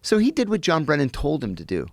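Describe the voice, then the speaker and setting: An American man, a guest on a podcast, telling his story in an animated way and acting out the people he quotes. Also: a little high, fast, vocal fry, no room sound, clean studio sound. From United States.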